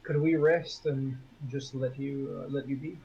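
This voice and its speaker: A man's voice: medium pitch, fairly even intonation, measured pace, a little mellow. A man playing a tabletop role-playing game, talking earnestly in character and often restarting his phrases. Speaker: player. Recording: dull lo-fi mic with faint noise.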